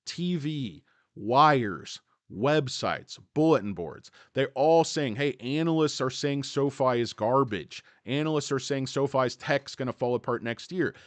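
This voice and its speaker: A man's voice: medium pitch, animated, measured pace, hardly any pauses, dry recording. A man ranting casually about stocks on a livestream, sarcastic and swearing, often sidetracked into jokes. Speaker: stock market commentator.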